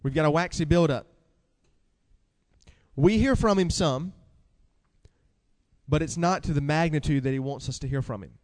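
A man preaching a sermon with animated delivery, asking the congregation questions and reading scripture aloud. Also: on the high side, moderate pace, pauses often, long reverb tail.

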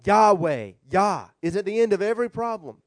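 A man who is a rabbi, preaching a sermon with animated, humorous storytelling. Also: high-pitched, moderate pace, no room sound.

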